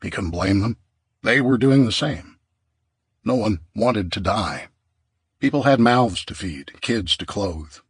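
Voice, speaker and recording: Husky male audiobook narrator. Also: on the low side, expressive, slow, no echo.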